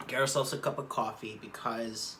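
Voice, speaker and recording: A man's voice: mid-range voice, steady tone, moderate pace, bright, forceful tone, slight background noise. Rambling, profane male vlogger. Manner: rambling, profane, restarts and digressions. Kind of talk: casual rambling commentary. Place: room at home.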